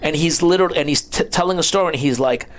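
A man's voice: on the high side, racing, a bit bright. A middle-aged man from New Jersey, a podcast guest, telling a rambling story full of restarts and quoted asides. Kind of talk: casual storytelling chat.

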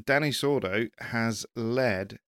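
A man's voice: medium pitch, slow pace, fairly bright tone, clean tone, dry recording. A man hosting a casual motorsport panel chat, rambling and self-deprecating, often stopping to correct himself. His voice sits mid-range and is recorded close in a dead, dry room. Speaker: podcast host.

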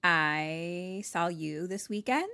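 A woman's voice: lowish voice, takes it slowly, creaky, sharp tone, smooth, dry recording, studio quality. Wry, laid-back woman podcast co-host. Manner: wry, laughing, casual swearing. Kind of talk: casual chat.

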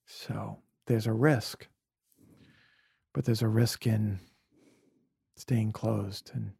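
Man from Brooklyn, podcast guest: earnest, emotional storyteller, low, rough and husky, recorded dry. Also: steady tone, extremely slow, no room sound. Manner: earnest, emotional storytelling with soft whispered asides. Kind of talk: reflective conversation.

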